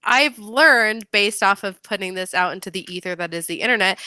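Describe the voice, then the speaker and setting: A young woman co-hosting a podcast, telling stories in a casual, profane, animated way. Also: medium pitch, normal speed, hardly any pauses, clear, resonant tone, no room sound. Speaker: podcast co-host. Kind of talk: casual chat.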